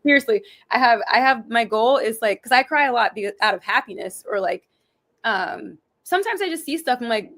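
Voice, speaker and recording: Animated, laughing young woman. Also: a little high, fairly quick. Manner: animated storyteller, acts out little scenes with big laughs. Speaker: co-host. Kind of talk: casual chat.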